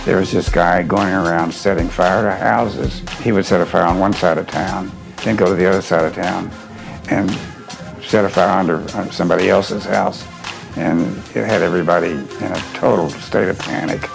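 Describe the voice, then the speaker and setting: Brief: male interviewee, very low, gravelly, matter-of-fact, music under. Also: steady tone, normal speed. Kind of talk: recounting a story for a documentary. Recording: music bed behind voice.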